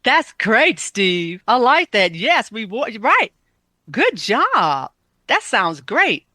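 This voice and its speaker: A woman's voice: fairly high pitch, very animated, slow pace, bright, forceful tone, no room sound. A woman health coach giving casual, emphatic self-care advice, repeating her points.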